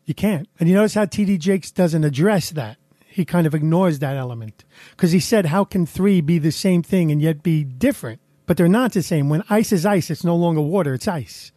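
A man from Brooklyn with a Brooklyn accent co-hosts a casual podcast. His voice is mellow and slightly high, and he argues bluntly point by point. The sound is dry. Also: fairly quick, no room sound. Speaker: podcast co-host. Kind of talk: casual theological discussion.

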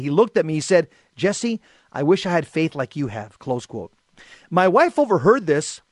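High-voiced man telling a personal testimony. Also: no room sound, studio quality. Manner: earnest, emphatic, rises to shouting in quoted exchanges. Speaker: Catholic lay speaker.

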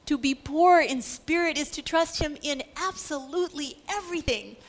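High-voiced woman giving a dramatic Bible lecture. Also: normal speed. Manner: dramatic, shifts between loud exclaiming and hushed whispers. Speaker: Bible teacher. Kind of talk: animated lecture.

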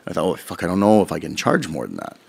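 A man rattles through a personal story on a casual podcast, acting out quoted dialogue between his own lines. He talks quickly and swears often, and his voice has a gravelly, fry-laden texture. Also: deep voice, wildly swooping pitch, a little mellow.

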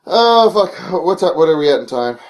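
A young man co-hosting a loose podcast chat, telling stories with lots of swearing and laughter. His voice sits a bit high and bounces all over the place. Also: normal speed. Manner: animated storyteller, swears a lot, laughs often. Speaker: podcast co-host.

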